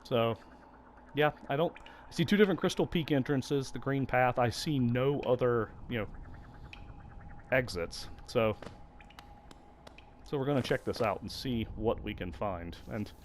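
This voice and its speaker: A man's voice: medium pitch, moderate pace, long pauses, a little hiss or hum. A man giving casual, self-deprecating commentary while playing a video game. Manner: musing, self-deprecating, apologetic. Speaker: let's play host.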